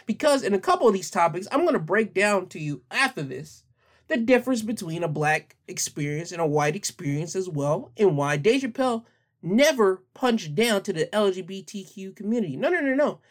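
A man's voice: high voice, lively intonation, normal speed. Emphatic young man giving opinion commentary. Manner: emphatic, repeats words for stress. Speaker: vlogger.

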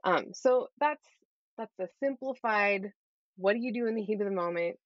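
A woman's voice: mid-range voice, normal speed, dry recording. Earnest, encouraging woman with a dull sound. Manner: earnest and encouraging, often tags "right?". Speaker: guest, Christian parenting coach. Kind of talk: conversational interview.

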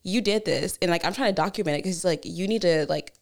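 A woman's voice: fairly low pitch, quick pace, creaky. A woman in her twenties, a podcast co-host who tells a meandering story casually, with lots of fillers and some swearing.

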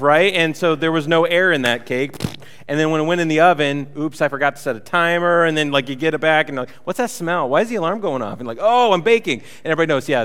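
A man's voice: on the high side, fairly bright tone, smooth, long reverb tail. A man preaching a sermon as pastor, conversational and joking, with many fillers and restarts. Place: church hall.

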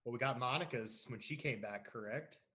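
A man co-hosting in a relaxed, conversational way that sometimes speeds up. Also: mid-range voice, fairly quick, husky. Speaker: co-host. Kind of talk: casual chat.

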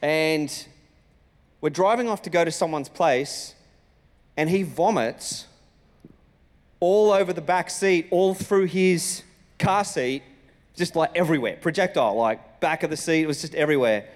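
A man, a senior pastor telling a personal story in a sermon with lively, animated delivery. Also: fairly high pitch, a little slow, pauses often. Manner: animated storytelling, acting out his own lines. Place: church auditorium. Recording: reverberant church hall.

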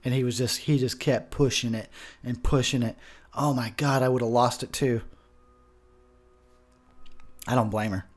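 A man's voice: medium pitch, steady tone, normal speed, long pauses. A man giving a rambling, profane movie commentary from his home mic, ranting as he drinks. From Texas. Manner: rambling, swearing, frustrated ranting. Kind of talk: drunk casual movie commentary. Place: home room near a window. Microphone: home recording mic.

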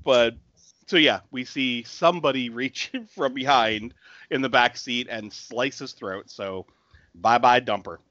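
A man's voice: mid-range voice, a little slow, sharp tone, no room sound, dull audio. A man in his thirties casually recapping a film scene by scene, laughing and acting out the characters' lines. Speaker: podcast co-host. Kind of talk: casual movie recap chat.

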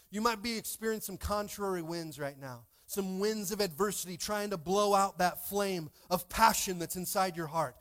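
High-voiced animated male pastor. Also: normal speed, few pauses. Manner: animated, calls out to congregation. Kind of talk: sermon. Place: church.

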